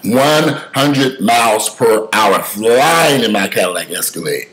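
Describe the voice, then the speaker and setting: A man with a somewhat low voice talking casually, mixing stories with opinion. He gets animated and emphatic, swings from loud bursts to low mutters, and curses freely along the way. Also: measured pace, poor audio. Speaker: commentator. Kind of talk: casual spoken commentary with storytelling.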